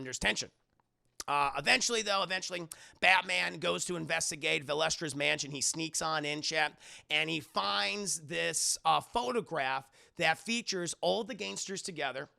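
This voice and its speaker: Young man, streamer, casual recap to chat, gravelly voice, bright and sharp, swearing. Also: a little high, animated, normal speed. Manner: rambling, profane, addresses chat. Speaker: streamer reviewing a movie.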